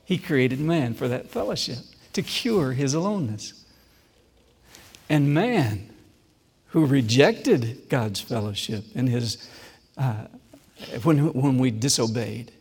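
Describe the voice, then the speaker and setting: A man preaching a sermon with personal testimony, swinging from loud emphasis to hushed, slow, repeated phrases. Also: mid-range voice, expressive, husky, big-room sound.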